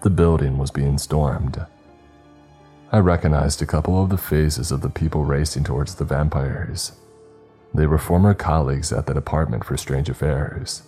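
A man narrating a horror story in a slow, grave, measured way. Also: extremely low pitch, warm tone.

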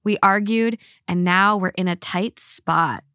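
A woman hosting a podcast, chatting casually and reading listener stories aloud in a blunt, animated way. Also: mid-range voice, unhurried, no echo, studio quality. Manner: blunt, swears freely, animated. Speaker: podcast host.

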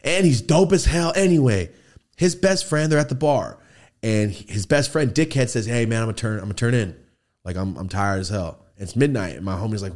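A man hosting a podcast, telling a profane street story in a casual, animated way and acting out quotes and gun sounds in a studio. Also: mid-range voice, fairly quick. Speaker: podcast host.

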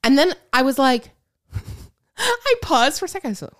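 A woman's voice: sits high, sing-song, moderate pace, a bit bright. A woman co-hosting a podcast, ranting bluntly and swearing freely, acting out quoted people in her stories. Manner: acts out quotes in shifting voices. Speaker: podcast co-host. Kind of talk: casual chat.

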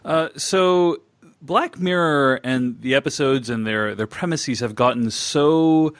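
A man's voice: mid-range voice, slow, clean tone, no room sound. A man hosting a podcast who steers the casual discussion and is easily amused. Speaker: podcast host.

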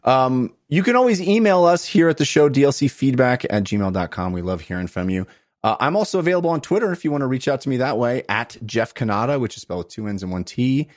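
A man's voice: medium pitch, expressive, fast, no room sound, studio quality. A man hosting a casual podcast, wry and jokey as he chats and plugs his shows. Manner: wry, jokey, upbeat plugging. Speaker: podcast host.

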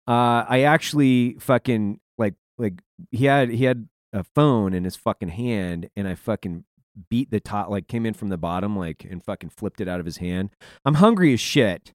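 A man telling a profane, animated war-zone story in a casual chat, breaking into laughter. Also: fairly low pitch, normal speed, dry recording, clean studio sound.

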